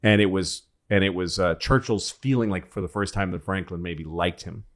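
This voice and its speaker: Rambling man telling stories, low voice. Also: normal speed. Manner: rambling storyteller, acts out quoted voices, swears. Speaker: podcast co-host. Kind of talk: casual comedic chat.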